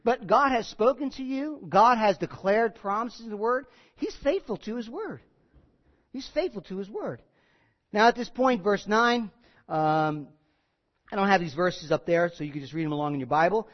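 An animated pastor preaching an expository sermon, with a voice that swings widely in pitch. The delivery is conversational, and key lines get repeated for emphasis. The recording sounds dull and lo-fi. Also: normal speed. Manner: animated, asks the congregation questions. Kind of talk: sermon, expository Bible teaching.

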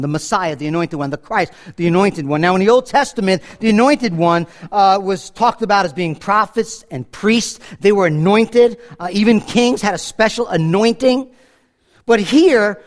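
High-voiced preacher telling stories. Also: male voice. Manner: storytelling preacher, swings from hushed to loud. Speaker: pastor. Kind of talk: sermon.

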